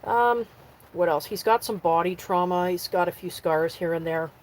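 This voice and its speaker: This clip has low-quality audio of a woman speaking at a moderate pace. She's a vanlife vlogger in her camper van, casually chatting on a live stream with viewers and her dogs, and her voice shoots up in pitch when she turns to the dogs.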